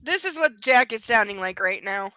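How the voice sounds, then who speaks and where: A woman's voice: on the high side, lively intonation, normal speed, bright, forceful tone, dry recording. A young adult woman doing a live reading of a book, breaking off into mocking, sarcastic commentary. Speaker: reader and commentator.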